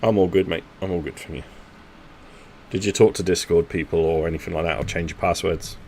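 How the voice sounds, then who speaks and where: A man's voice: deep voice, fairly even intonation, a little fast, creaky, a little mellow, slight background noise. Chatty man streaming a game. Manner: chatty, thinking aloud, jokey banter. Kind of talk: casual gaming commentary talking to teammates.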